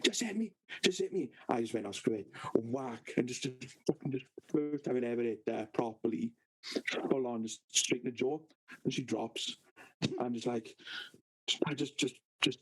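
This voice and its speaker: Young Valleys-accented co-host, husky mid-pitched voice, rambling storyteller who stumbles and swears. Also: male voice, a little mellow, poor audio. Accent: South Wales Valleys. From Wales. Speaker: podcast co-host. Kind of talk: casual storytelling chat.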